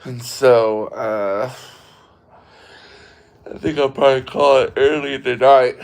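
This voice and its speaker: A man in his thirties chatting casually with viewers from his porch at night, relaxed and talkative. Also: medium pitch. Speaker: livestream host. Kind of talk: casual chat.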